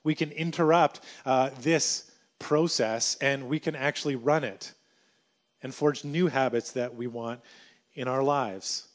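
A man preaching a sermon in an animated way, acting out everyday scenes as he talks. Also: mid-range voice, a little slow.

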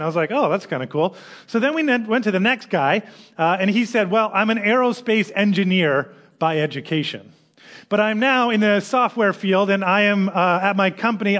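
A man's voice: high voice, a bit bright. A man who is a minister, giving a conversational sermon that opens with a personal story. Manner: conversational storytelling with quoted voices.

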